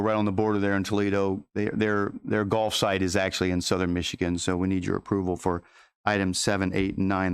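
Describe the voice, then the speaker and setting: A man presenting agenda items at a school board meeting in an informal, halting way with many fillers and restarts. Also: on the low side, smooth, dry recording, studio quality.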